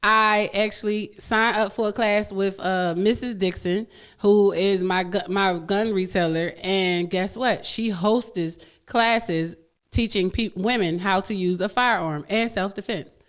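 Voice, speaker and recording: A woman's voice: mid-range voice, fairly even intonation, a little slow. A woman co-hosting a radio show, chatting casually, teasing her partner and laughing often. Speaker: radio co-host.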